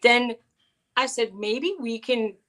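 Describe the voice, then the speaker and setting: A woman's voice: fairly high pitch, fairly even intonation, slow, fairly bright tone, low-quality recording. Chatty woman co-hosting a live chat. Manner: chatty storyteller, quotes people in her stories. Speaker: co-host. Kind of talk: casual live-stream chat.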